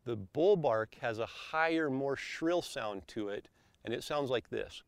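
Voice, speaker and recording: A man calmly explaining elk calls step by step, as an instructor. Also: medium pitch, unhurried, creaky, clean tone, dry recording. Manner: calm, methodical, explains step by step.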